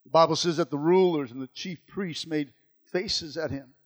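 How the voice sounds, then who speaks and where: A man preaching a sermon, moving from quiet, low passages to loud, emphatic repetitions. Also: moderate pace.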